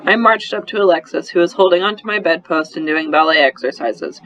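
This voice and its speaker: A man narrating a first-person children's story in an expressive, brisk storytelling manner, on a slightly muffled recording. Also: high-pitched, a little hiss or hum. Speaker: audiobook narrator.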